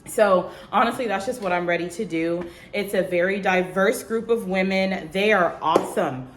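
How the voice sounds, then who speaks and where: A young woman vlogging to the camera in casual chat, telling a lively story and acting out what others said in a higher voice, checking in with "okay?" as she goes. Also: moderate pace, hardly any pauses, slight background noise. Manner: animated storytelling, acts out quotes in a high voice; talks straight to viewers, tags lines with "okay?" and "girl".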